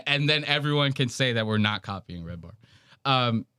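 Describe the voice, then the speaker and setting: Animated man ranting on a podcast. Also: mid-range voice, moderate pace, clear, resonant tone, dry recording, clean studio sound. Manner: animated, swearing, mocking. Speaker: podcast co-host. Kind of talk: casual podcast banter.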